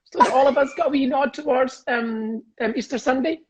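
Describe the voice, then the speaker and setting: A man's voice: very high voice, fairly even intonation, brisk, husky, lo-fi sound. A Scottish man, a comedian, chatting cheekily on a video call and laughing often. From Scotland. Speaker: comedian guest. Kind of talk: casual chat on a video call.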